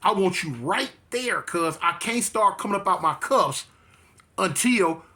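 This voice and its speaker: A man's voice: high voice, animated, a little slow, pushed and bright. A man casually telling a story, with streetwise slang, emphatic repeats and frequent restarts. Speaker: interview guest.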